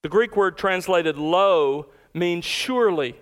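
A pastor preaching an emphatic expository sermon, slowing down to stress key words. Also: male voice, sits high, fairly bright tone, clear, resonant tone.

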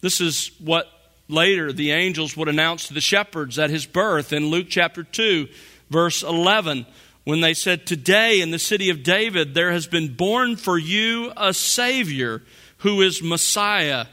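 Guy preaching a sermon, kinda high voice, takes his time, stretches out the big words. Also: bright, forceful tone. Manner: slow, deliberate, stretching key phrases for emphasis. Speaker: pastor.

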